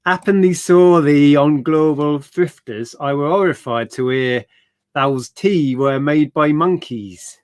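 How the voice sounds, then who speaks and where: A man's voice: on the high side, no room sound. Man putting on a blunt old-style Yorkshire voice. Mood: mock-stern. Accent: put-on Yorkshire. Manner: slow mock-old-fashioned dialect reading. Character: gruff blunt Yorkshire man writing a letter.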